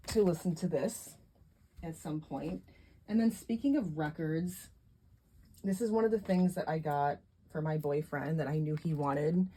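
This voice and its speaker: A middle-aged woman vlogger chatting casually and gushing softly about gifts, laughing often. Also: low-pitched, slightly rough. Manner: soft-spoken and gushing, with frequent laughs. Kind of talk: casual chat showing gifts.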